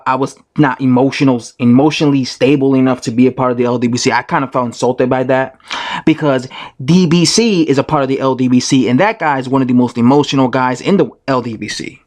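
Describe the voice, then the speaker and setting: A man who makes boxing videos, telling a story to his camera as a casual, indignant rant full of repetition. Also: mid-range voice. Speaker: YouTube boxing commentator.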